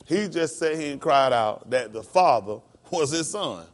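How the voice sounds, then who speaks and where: A male pastor preaching a sermon. He calls out to the congregation and climbs into high, emphatic, drawn-out lines. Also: animated. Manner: calls to the congregation with "come on" and "y'all".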